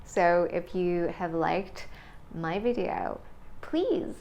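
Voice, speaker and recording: Slow-spoken woman teaching English. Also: lowish voice, a little mellow, highs cut off. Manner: slow, deliberate, modelling intonation with examples. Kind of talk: video lesson.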